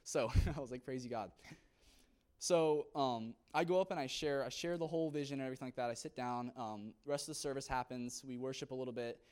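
Young man, church testimony, rapid delivery, earnest, lots of ums, mid-pitched voice. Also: a little mellow, smooth. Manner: rapid, earnest storytelling with many fillers. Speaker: church youth member giving testimony.

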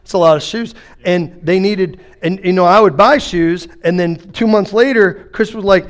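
Man, middle-aged, pastor, sermon, humorous storytelling, fairly high voice. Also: normal speed. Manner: humorous storytelling, acts out exchanges; preaching cadence with call-and-response.

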